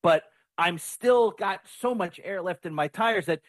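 High-pitched guy hyped about his team, stumbles on repeats, dry mic. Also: a little slow, dry recording. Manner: excitable, repeats words when starting. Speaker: sports radio guest. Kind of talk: casual sports talk.

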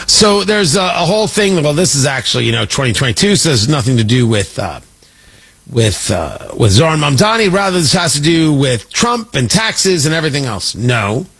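A man's voice: a little high, fairly bright tone, husky. A man hosting a talk radio show, delivering a sarcastic, rambling political commentary monologue.

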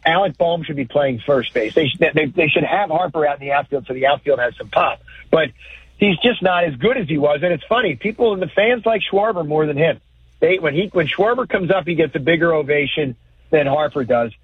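A man's voice: on the high side, a little fast, husky, no echo. Blunt man on a tinny phone line. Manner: blunt, animated, mocking impressions. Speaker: guest commentator. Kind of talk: sports talk.

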